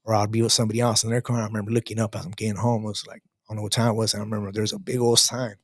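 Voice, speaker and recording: Fast, slangy man in his thirties, husky and dry, telling his testimony with lots of restarts. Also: fairly low pitch, level tone, no room sound. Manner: fast, emphatic, street slang, many restarts. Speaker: guest sharing testimony. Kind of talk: casual storytelling testimony.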